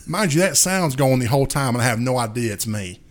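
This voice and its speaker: A man's voice: medium pitch, expressive, a little fast, a little hiss or hum. Rambling male podcast storyteller. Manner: rambling storyteller, makes sound effects. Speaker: podcast co-host. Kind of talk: casual chat.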